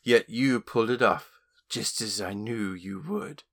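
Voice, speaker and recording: A man's voice: on the low side, unhurried, creaky, fairly bright tone, exaggerated voice. A man voicing a small, sly alien lord who speaks in a grandiose, sneering way. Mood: haughty.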